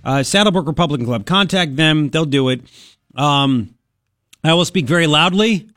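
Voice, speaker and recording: A man's voice: on the high side, moderate pace, a bit bright, no echo, clean studio sound. A man hosting a talk radio show, brash and joking, rambling in casual chat. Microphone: studio microphone.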